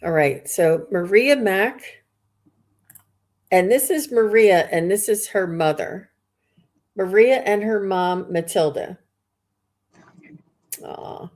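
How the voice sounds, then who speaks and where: A woman's voice: medium pitch, slow, pauses often, a little mellow. Woman medium chatting thru a live reading, lots of um and like, keeps restarting sentences. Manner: chatty, filler-heavy, restarts mid-sentence. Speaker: psychic medium host.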